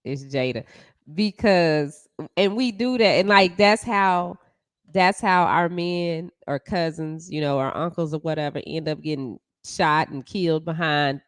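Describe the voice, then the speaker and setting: A woman's voice: sits low, a little slow, smooth, no room sound, studio quality. A woman co-hosting a casual chat who speaks frankly and asks pointed questions. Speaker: podcast co-host.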